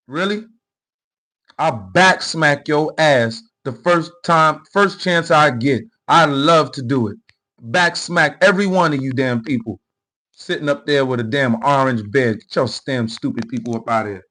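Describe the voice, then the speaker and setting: He hosts a live commentary stream, his fairly high voice bright and forceful yet unhurried, though the audio is poor. He reads viewer comments aloud amid a repetitive, heated, profanity-laced rant.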